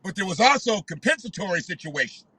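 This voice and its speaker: Brief: a high-voiced male commentator, heated and profane, sharp tone. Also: sing-song, fast talker, slightly rough, no echo, low-quality recording. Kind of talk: ranting commentary.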